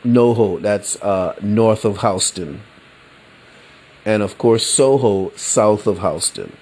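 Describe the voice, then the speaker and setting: Slow-talking laid-back New man. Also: on the low side, darkish tone, breathy edge. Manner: laid-back, rambling, laughs often, slangy. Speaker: podcast host. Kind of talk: casual solo sports talk.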